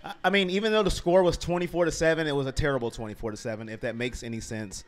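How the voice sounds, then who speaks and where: Excitable higher-voiced fan rambling. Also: male voice, rapid-fire. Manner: openly emotional, rambling and excitable. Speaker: co-host and fan. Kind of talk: casual fan chat.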